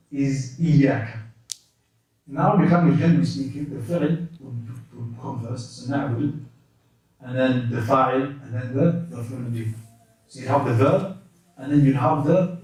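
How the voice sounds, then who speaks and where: A man teaching a lesson in a mosque classroom, explaining terms in a quick, conversational way with many restarts. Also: mid-range voice, darkish tone. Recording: echoey room from a distance.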